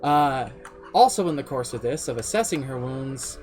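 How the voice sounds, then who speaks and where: Animated man recapping his game. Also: mid-range voice, normal speed, soft background music. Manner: animated, swearing, shifts pace often. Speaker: streamer and game master. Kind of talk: casual storytelling recap. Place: home streaming setup.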